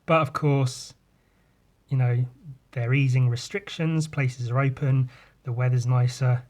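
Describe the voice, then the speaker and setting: A man's voice: medium pitch, steady tone, unhurried, a little mellow. Guy rambling on his own podcast, swears a lot, keeps restarting sentences. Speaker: podcast host. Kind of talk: casual solo podcast chat.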